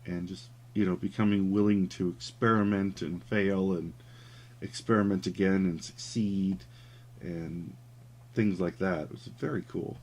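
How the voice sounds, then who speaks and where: A man's voice: low voice, fairly even intonation, a little slow, a little mellow. A man telling a story in a casual, rambling way while he draws, with many fillers. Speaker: caricature artist streaming his drawing. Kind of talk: casual chat while drawing.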